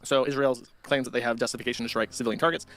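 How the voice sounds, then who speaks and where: A man's voice: mid-range voice, fairly even intonation, racing, a bit bright. A man hosting a livestream, giving blunt, mocking commentary on video clips. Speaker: streamer host.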